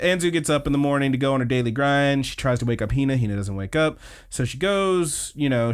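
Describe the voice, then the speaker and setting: Casual swearing podcast host recapping. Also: male voice, mid-range voice, clean tone. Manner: loose, swearing, retelling scenes with quick voiced quotes. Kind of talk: casual anime recap chat.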